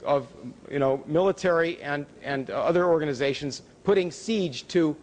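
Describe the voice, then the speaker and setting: A man giving a public lecture with slides, emphatic, with pitch rising on key words. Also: moderate pace, darkish tone. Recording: hall reverb from a lecture room.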